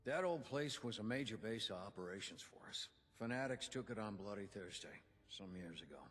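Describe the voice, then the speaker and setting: An actor voicing a gruff older man who is a union inventor and quartermaster, speaking in a folksy, theatrical way. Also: lowish voice, lively intonation, fairly quick, fairly bright tone, big-room sound, soft background music. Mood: somber. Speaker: game character giving quest dialogue.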